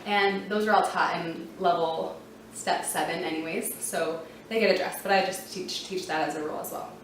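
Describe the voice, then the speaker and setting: A woman teaching beginner reading rules in a casual, chatty manner, sprinkling in fillers and slowly spelling out letters. Her voice sits back from the microphone in a very echoey room. A faint hum of room ambience runs underneath. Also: lowish voice, fairly even intonation, recorded from a distance.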